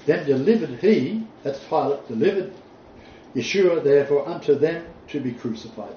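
A man preaching a sermon, reading scripture aloud and stressing key points with deliberate emphasis. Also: a little high, animated, dark tone, a little hiss or hum. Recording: distant mic, roomy echo, dull sound.

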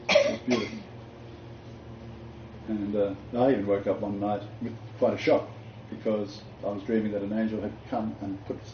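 Older man preaching, animated storyteller. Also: fairly low pitch, roomy sound, lo-fi sound, a little hiss or hum. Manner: animated storyteller, sudden loud peaks. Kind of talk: sermon with personal story.

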